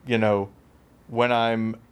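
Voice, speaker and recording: A man's voice: on the low side, level tone, slow, smooth. Rambling, self-deprecating male podcast host. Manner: rambling, self-deprecating storyteller with many fillers. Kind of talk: casual chat.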